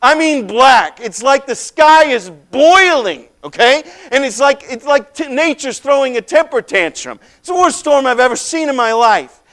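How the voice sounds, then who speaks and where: A male preacher retelling a story in the first person, swinging between loud outbursts and hushed, quiet lines. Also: extremely high pitch, lively intonation, normal speed, hardly any pauses. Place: church.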